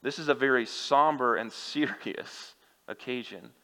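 A pastor with a mid-range voice preaches an unhurried sermon, his bright, forceful tone addressing the congregation earnestly and directly. His words ring out with a long hall reverb, like a church sanctuary.

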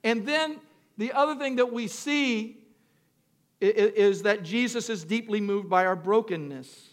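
A male pastor preaching a sermon, talking straight to the congregation, calling for responses and moving between quiet storytelling and shouted preaching. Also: high voice, measured pace. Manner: talks directly to the congregation, asks for responses.

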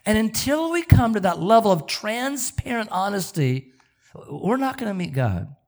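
A male pastor preaching a sermon, telling stories with an animated manner and often repeating words. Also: sits high.

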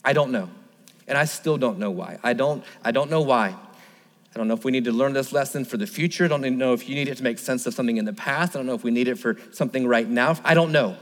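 A man's voice: mid-range voice, quick pace, in a large hall. A male pastor preaching a sermon, emphatic and repetitive, asking the listeners rhetorical questions.

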